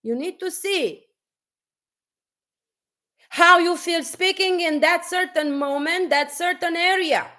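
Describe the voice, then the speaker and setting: Slow, high-voiced woman preaching bluntly. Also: pushed and bright. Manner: blunt and preachy, restarts sentences, swears casually. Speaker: motivational speaker. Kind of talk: unscripted motivational live stream.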